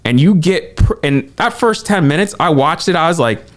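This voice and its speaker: A man co-hosting a podcast, talking quickly and excitedly in casual movie chat and acting out quotes as he goes. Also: fairly high pitch. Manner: excited, animated retelling with quoted asides. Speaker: podcast co-host.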